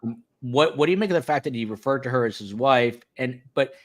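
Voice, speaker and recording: A man hosts a live stream in a relaxed, conversational way. He reads viewer comments aloud and thinks out loud, with frequent "uh"s and restarts. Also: mid-range voice, fairly quick. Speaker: host.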